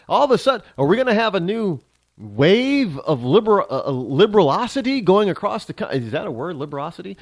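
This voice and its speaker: A man's voice: high voice, sing-song, fairly quick, no echo. A man from the United States hosting a talk show, ranting sarcastically in an opinionated monologue.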